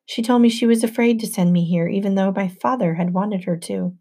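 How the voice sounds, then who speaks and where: A woman's voice: mid-range voice, fairly quick, warm tone, close to an everyday voice. A woman voicing a confused, earnest boy student in an audiobook. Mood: puzzled. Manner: puzzled and earnest. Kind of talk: audiobook narration.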